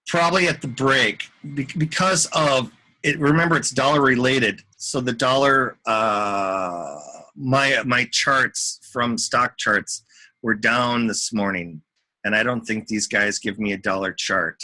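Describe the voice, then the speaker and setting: A man with a bright, forceful voice talks loosely through market charts in an unscripted live stream. He rambles, chats with viewers and mutters to himself along the way. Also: mid-range voice, a little slow. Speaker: market commentator.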